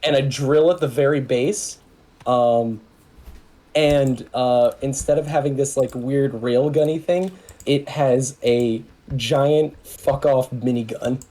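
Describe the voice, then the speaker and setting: A man playing a tabletop game, chatting casually in a halting, rambling way and swearing freely. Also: mid-range voice, fairly even intonation, warm tone, rough recording. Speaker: player.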